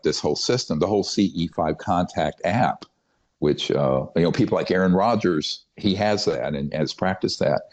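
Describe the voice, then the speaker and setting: A man's voice: low-pitched, darkish tone. An older man giving a long interview answer, telling his story in an emphatic, conspiratorial way, often restarting his sentences with fillers. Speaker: podcast guest. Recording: dull, muffled podcast audio.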